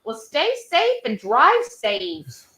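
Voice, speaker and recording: Lady chatting while she cooks, says y'all a lot, kinda high voice. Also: huge pitch swings, takes it slowly, sharp tone, rough recording. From Texas. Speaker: cooking channel co-host. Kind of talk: casual chat while cooking and reading comments. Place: home kitchen.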